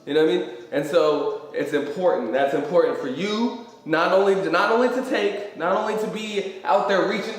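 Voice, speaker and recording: A man's voice: sits high, moderate pace. A young man hosting a motivational live stream, talking in an emphatic, rambling way and swearing freely. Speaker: host. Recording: very echoey hall.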